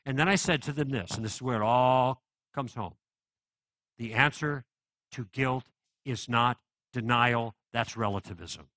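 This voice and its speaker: A man's voice: mid-range voice, a little slow, long pauses, pushed and bright, no echo. A middle-aged man giving a live apologetics talk, conversational and persuasive, with many rhetorical questions to the audience. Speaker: Christian apologetics speaker.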